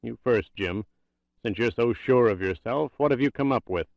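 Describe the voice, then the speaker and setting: A man's voice: mid-range voice, normal speed, creaky, no echo, dull audio, lightly acted. A man reading an audiobook, voicing an impatient, older US president who speaks in a harsh drawl. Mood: angry.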